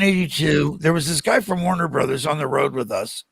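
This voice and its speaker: An older American man, a podcast guest, telling animated stories and acting out the voices of the people in them. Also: on the high side, a little fast, gravelly, breathy edge, dry recording. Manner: animated, acts out quoted voices. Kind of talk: storytelling in a podcast interview.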